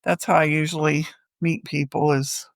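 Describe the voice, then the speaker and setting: Chatty, gravelly woman. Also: low-pitched, steady tone, moderate pace, no room sound. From Missouri. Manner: chatty, rambling, laughs often. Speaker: podcast co-host. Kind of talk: casual storytelling chat.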